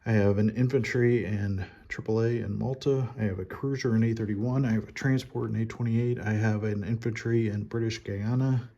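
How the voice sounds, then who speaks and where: A man playing a board game at home, calmly talking through his turn and counting his units and money aloud. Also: fairly low pitch, moderate pace, few pauses, dull audio. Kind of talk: casual solo board game playthrough.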